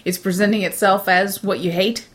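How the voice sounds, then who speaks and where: A woman co-hosting a casual movie review chat, animated and quick to laugh. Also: medium pitch.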